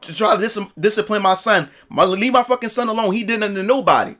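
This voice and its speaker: A man's voice: sits high, fast, pushed and bright. A man voicing a foul-mouthed, hostile mother defending her son. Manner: cursing, hostile.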